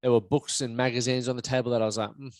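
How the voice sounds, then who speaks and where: A man's voice: medium pitch, little pitch movement, rapid-fire, darkish tone, no echo. A young man hosting a solo podcast, talking candidly and reflectively and swearing casually. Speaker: podcast host.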